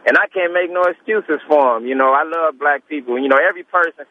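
A man's voice: a little high, brisk. A man calling in to a talk radio show, speaking frankly and earnestly. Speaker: caller. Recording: dull phone-line caller audio.

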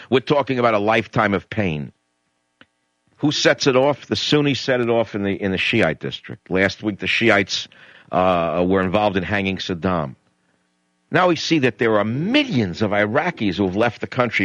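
A middle-aged male talk radio host delivering an indignant, blunt monologue. His voice is bright and forceful. The sound is dry and close, with no room around it. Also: on the low side, no echo.

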